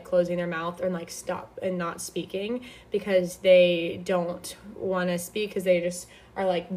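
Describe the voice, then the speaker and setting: A young woman hosting a podcast, giving casual faith-based advice in a chatty way full of fillers and restarts. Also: mid-range voice. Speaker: podcast host.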